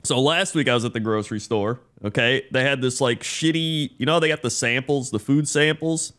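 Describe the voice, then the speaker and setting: Man, podcast co-host, casual chat, rambling anecdote, mid-pitched, chuckles. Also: a little fast, fairly bright tone. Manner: rambling storyteller, chuckling often.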